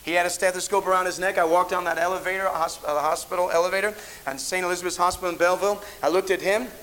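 A man's voice: high-pitched, fairly even intonation, rapid-fire, fairly bright tone, a little hiss or hum, rough recording. A middle-aged man preaching a sermon as a pastor, telling stories in a rambling way with many restarts. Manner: rambling anecdotal delivery with frequent restarts. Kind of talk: storytelling sermon.

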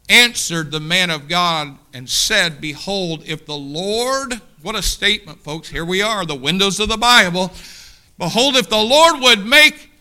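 A man preaching a sermon to his congregation, building to shouted peaks and slowing for emphatic repeated lines. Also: a little high. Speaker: pastor.

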